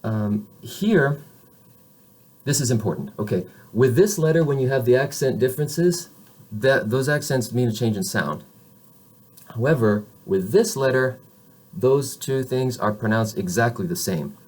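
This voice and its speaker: A man teaching beginner French pronunciation, explaining casually, correcting himself and modeling sounds slowly. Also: mid-range voice, expressive, a little mellow, slightly rough.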